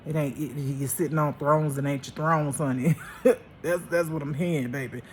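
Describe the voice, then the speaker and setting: A woman's voice: deep voice, steady tone, normal speed, a little mellow, a little hiss or hum. A woman giving a casual spiritual monologue as a life teacher, emphatic and chatty, laughing often and calling her listeners honey and baby. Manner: uses endearments like honey and baby.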